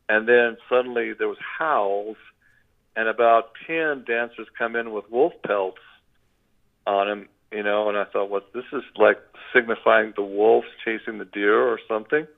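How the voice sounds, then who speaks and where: A man's voice: fairly low pitch, creaky. An older man telling a long story as a guest, rambling and restarting his sentences. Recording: tinny phone line.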